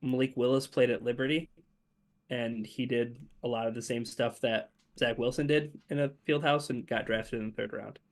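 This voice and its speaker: A man's voice: medium pitch, steady tone, normal speed. A man co-hosting a sports podcast, rambling casually with many fillers. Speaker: podcast co-host.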